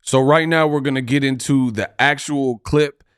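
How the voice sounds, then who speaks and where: A man's voice: medium pitch, clear, resonant tone, dry recording, clean studio sound. A man hosting a boxing commentary video, talking in a loose, conversational way and drawing out his lines. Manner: loose, conversational, drawn-out delivery.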